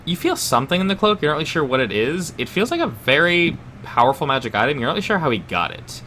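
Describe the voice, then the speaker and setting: A man's voice: fairly high pitch, big pitch swings, fast, sharp tone, a little hiss or hum. A man narrating a tabletop game as game master, casual and searching for words.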